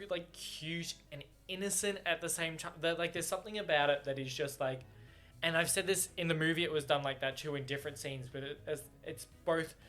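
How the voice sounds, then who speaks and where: A man's voice: fairly high pitch, fairly bright tone. A man chatting casually on camera about a book he is reading, bubbly and giggly, with many fillers and restarts. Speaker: book reviewer. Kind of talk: casual book reaction chat. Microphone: camera mic.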